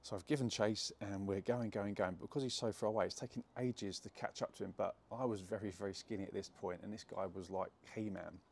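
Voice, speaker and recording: A young man tells a story in a chatty, rambling way with plenty of fillers. His voice sits low and has a gravelly edge. A faint hiss runs behind him. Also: fast talker, hardly any pauses. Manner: chatty, animated, many fillers and restarts. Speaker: jiu-jitsu gym owner telling a story. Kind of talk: casual storytelling to camera.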